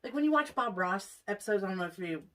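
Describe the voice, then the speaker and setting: A woman's voice: medium pitch, lively intonation, fast, low-quality recording. Chatty woman hosting a review show. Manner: chatty, laughs easily, recaps scenes. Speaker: host. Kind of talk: casual chat.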